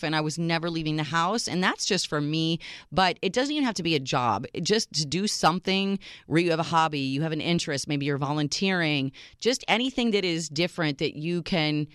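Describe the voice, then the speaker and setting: A woman's voice: sits low, fairly bright tone, smooth, dry recording, studio quality. A woman in her thirties co-hosting a talk radio show, chatting casually about relationships and reading listener emails aloud.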